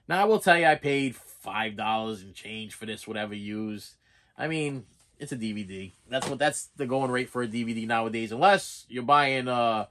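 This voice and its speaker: A man with a Boston accent, rambling casually through an unboxing vlog and often stumbling over his words. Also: mid-range voice. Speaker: collector showing his purchases.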